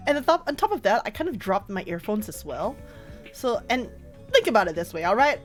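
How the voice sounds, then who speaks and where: A woman streamer telling a story in casual chat, animated and laughing often. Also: mid-range voice, moderate pace, pauses often, faint music behind.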